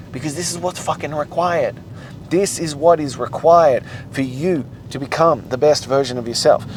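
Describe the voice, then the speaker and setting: A man's voice: medium pitch, rough recording. A man hosting a motivational podcast, talking intensely and emphatically with frequent swearing, with a faint background hum. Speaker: podcast host. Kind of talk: motivational monologue.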